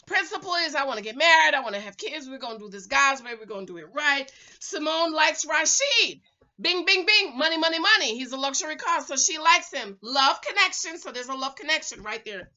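Animated sassy woman, lo-fi sound. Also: sits high. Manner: animated and sassy, breaks into loud exclamations. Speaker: reality show recap host. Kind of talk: casual reality TV recap.

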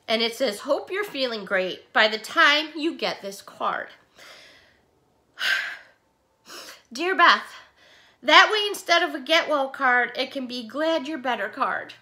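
A woman's voice: high-pitched, sharp tone. A middle-aged woman vlogger chatting casually to camera, gushing and emotional with chatty asides. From United States.

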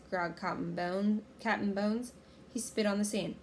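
Woman narrator for a kids' storybook, steady and expressive, faint hiss behind. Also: mid-range voice, moderate pace. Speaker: reader. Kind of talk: children's storybook read-aloud.

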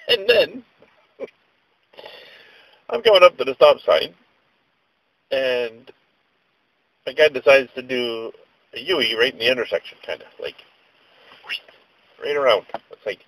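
A man with a husky, slightly rough voice rants casually to his viewers. His pitch swings up and down a lot as he rambles through everyday complaints in an exasperated way, dropping mild slang as he goes. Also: expressive, slow pace, long pauses, a bit bright, no room sound, poor audio. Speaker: vlogger. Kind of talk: casual rant to camera.

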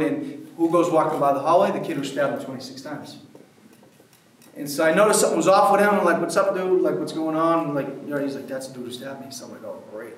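A man who works in prison ministry tells stories to a church men's group in a casual, rambling way full of fillers. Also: fairly high pitch. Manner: casual, filler-heavy, with many "like"s. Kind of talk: storytelling talk to a church group. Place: church hall. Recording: very echoey hall, mic far off.

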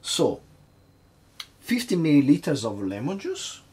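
A man's voice: a little high, sing-song, unhurried, darkish tone, breathy edge. A man hosting a casual cocktail-making vlog at his home bar, chatty and hesitant, nervously poking fun at himself. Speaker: home bartender host.

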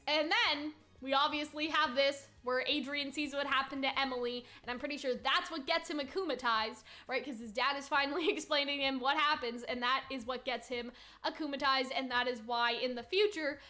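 A high-pitched woman rambling through a casual theory chat. She is full of fillers and quick giggles. Her tone stays bright and sharp. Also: soft background music. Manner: chatty, fast filler-heavy talk with frequent giggles. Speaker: YouTuber cartoon theorist. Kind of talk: casual commentary.

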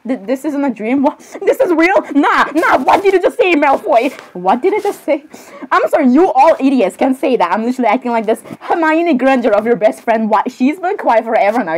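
A woman's voice: high voice, expressive, a little fast, a little mellow, low-quality recording. A woman performing an improvised comedy skit alone, switching between characters with a hesitant, apologetic, giggly delivery. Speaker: solo skit performer voicing many characters.

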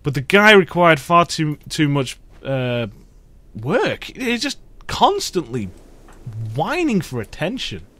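A man's voice: fairly high pitch, very animated, takes it slowly, sharp tone, dry recording. A young man casually commentating his gameplay, exasperated and ranting, swearing at the game. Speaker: let's play gamer.

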